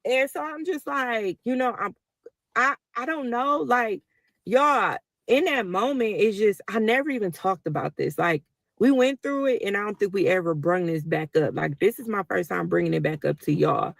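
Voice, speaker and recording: Mom telling her viewers a personal story, emotional and chatty, y'all this y'all that, normal pitch, dry sound. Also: animated, normal speed, creaky, dry recording. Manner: talkative, emotional, addresses listeners as y'all.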